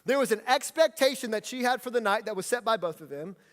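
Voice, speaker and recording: A male pastor delivers a sermon with a fairly high voice, slipping into playful acted-out dialogue as he tells a story. His words ring out with a long reverb tail from a large church hall. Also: expressive, quick pace, fairly bright tone.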